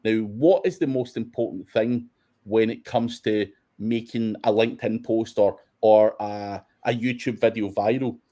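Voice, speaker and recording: Mellow-voiced Scottish man, blunt and sweary. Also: lowish voice, steady tone, measured pace. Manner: blunt, sweary, laughs between points. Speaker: host of SEO Q&A. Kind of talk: casual livestream Q&A.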